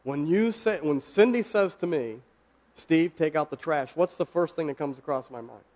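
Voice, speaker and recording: Male preacher, slightly high voice, casual sermon, talks with the room and asks questions, slows on key words. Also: expressive, darkish tone. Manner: conversational, asks the audience questions, slows for emphasis.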